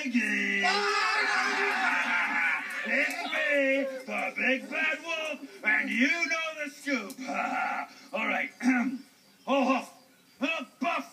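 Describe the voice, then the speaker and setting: A man's voice: extremely high pitch, expressive, shouting, far from the mic, background noise, exaggerated voice. A man voicing a goofy, forgetful male wolf in a children's puppet show, cackling and drawing out his words. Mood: gleeful. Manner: cackling, drawn-out, showy.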